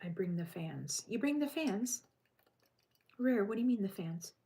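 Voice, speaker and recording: Woman on a livestream reading crime news, chatting w her viewers between bits, mid pitch. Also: expressive, unhurried, warm tone. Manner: reads news aloud, breaks off to chat with live chat. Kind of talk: casual livestream chat.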